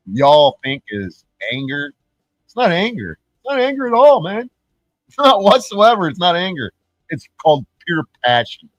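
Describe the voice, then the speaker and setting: A man's voice: mid-range voice, a bit bright, dry recording, muffled recording. A man ranting on his own channel, profane and taunting, mocking the people he calls out. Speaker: YouTuber. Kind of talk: angry ranting vlog.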